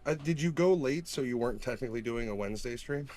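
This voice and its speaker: A man's voice: mid-range voice, expressive, quick pace, darkish tone. A man co-hosting a live stream, trading crude wisecracks in casual chat.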